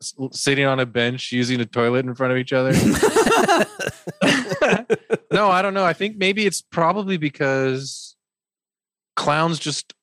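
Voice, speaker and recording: A man's voice: fairly high pitch, sing-song, measured pace, long pauses, a bit bright, dry recording, clean studio sound. A man co-hosting a casual remote podcast chat, rambling with restarts and laughing often. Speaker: podcast co-host.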